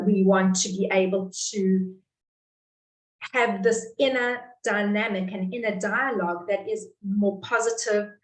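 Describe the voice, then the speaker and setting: A middle-aged South African woman, a dietitian, explaining nutrition in an online class in a measured way, speaking over a video call. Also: medium pitch, echoey room, recorded from a distance, rough recording. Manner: explanatory, measured, talks to participants directly. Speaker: clinical dietitian presenter. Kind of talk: online webinar teaching. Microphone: computer mic on a video call.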